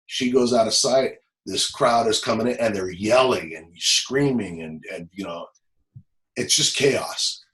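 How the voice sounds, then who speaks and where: Halting, low-voiced middle-aged man. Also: fairly bright tone, low-quality recording. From Los Angeles. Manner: halting, repeats words, emotional. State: close to tears. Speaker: former police officer. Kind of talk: personal storytelling in an interview.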